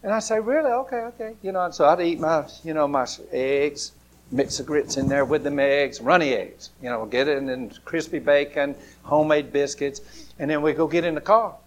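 A man preaching a storytelling sermon, swinging between loud bursts and hushed, near-whispered lines. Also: a little high, fairly even intonation, normal speed.

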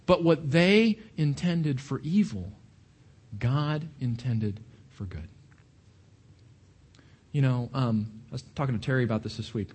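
Animated man preaching a sermon. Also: fairly high pitch, a little slow. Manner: animated preaching with repeated words and restarts. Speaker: pastor.

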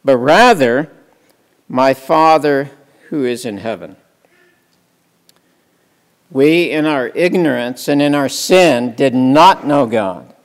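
A man preaching a sermon slowly and emphatically, asking the congregation questions. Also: medium pitch. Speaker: pastor. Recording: long reverb in a hall.

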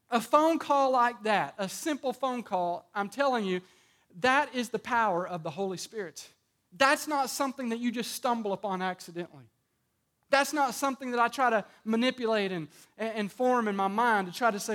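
Male pastor, high voice, chatty preaching style full of restarts and acted asides. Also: fairly quick, fairly bright tone. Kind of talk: sermon.

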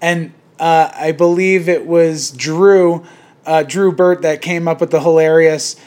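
Man, podcast host, casual chat, a bit high pitch, rambling, laughs often. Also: steady tone, unhurried, darkish tone.

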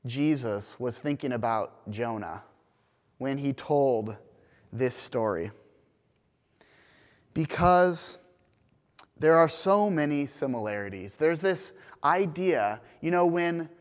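A man preaching a sermon in a church, retelling a parable in a lively storytelling manner. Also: a little high, takes it slowly, long pauses. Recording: long reverb of a church hall.

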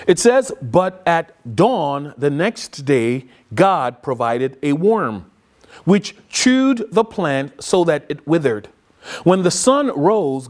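A man preaching a sermon for a podcast, retelling a story in an animated way and acting out the voices he quotes. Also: fairly high pitch. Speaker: pastor.

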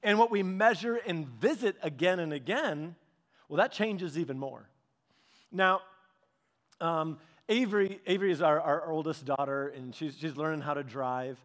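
In a fairly high-pitched voice at normal speed, a middle-aged pastor delivers a sermon built around family stories. His telling is lively and funny, full of laughs and frequent sentence restarts.

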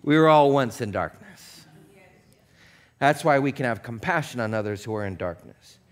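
Animated male pastor preaching. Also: mid-range voice, normal speed. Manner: animated storytelling preacher, acts out dialogue. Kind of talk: sermon.

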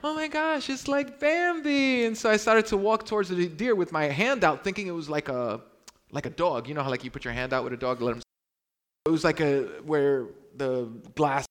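A young adult man from Brooklyn preaching a sermon, telling stories with dramatic swings between loud exclamations and hushed, quiet lines. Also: on the high side, brisk.

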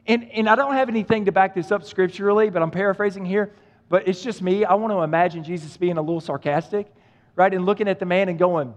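A man's voice: high-pitched, fairly quick, dull audio. A male pastor preaching a sermon, speaking with emphatic repetition and addressing the listeners directly. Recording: long hall reverb.

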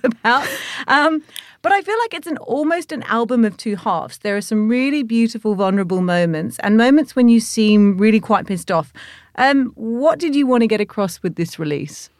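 A woman's voice: fairly high pitch, no room sound, studio quality. A woman hosting a podcast interview, reading her intro and then chatting with enthusiasm and easy laughter. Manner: upbeat, enthusiastic, laughs easily. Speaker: podcast host. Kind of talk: scripted intro then casual interview chat.

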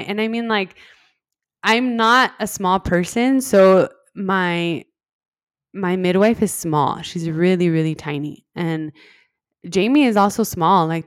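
A woman's voice: on the low side, no room sound, studio quality. A young woman telling a personal story in a casual chat. She fills her talk with "like" and acts out the lines she quotes. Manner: animated, heavy use of "like", acts out quoted lines. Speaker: podcast guest.

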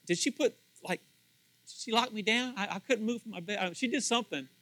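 Bright high-voiced preaching man. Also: fairly quick, dry recording, rough recording. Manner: animated, conversational, repeats words, acts out quotes. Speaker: pastor. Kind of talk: sermon.

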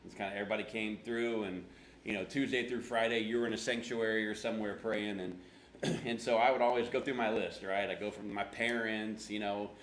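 A man's voice: fairly low pitch, fairly even intonation, a little fast, fairly bright tone. A man preaching a conversational sermon, telling stories with self-deprecating humor and acting out his own past words. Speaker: pastor. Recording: roomy echo with faint background hum.

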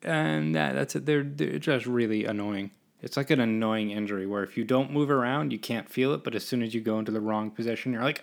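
A man's voice: medium pitch, fairly quick, gravelly. A man, hosting a solo podcast and rambling between topics in a self-deprecating way. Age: 20s. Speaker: podcast host.

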